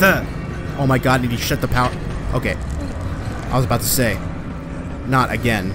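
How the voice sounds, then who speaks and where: A man in the middle of a horror game playthrough, voice sitting at an ordinary middle pitch. He curses at the characters and mutters at the screen, and his voice jumps into loud, frantic yelps when something chases him. Faint game music plays underneath. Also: fairly even intonation, moderate pace, long pauses. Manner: profane, talks back at the game, bursts into loud panicked yelps. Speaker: let's play gamer.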